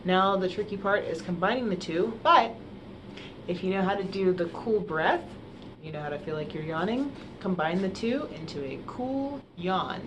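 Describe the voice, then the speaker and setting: A woman voice teacher explaining singing technique in a relaxed way, with many fillers, and sometimes singing the exercises herself. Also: medium pitch, noisy background. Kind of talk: singing lesson. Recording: piano playing along.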